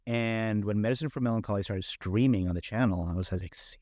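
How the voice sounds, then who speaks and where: A middle-aged man, a film director guest, telling stories in casual, animated talk full of fillers and quoted thoughts. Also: lowish voice, brisk, no room sound, studio quality. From San Francisco Bay Area. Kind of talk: casual conversational storytelling.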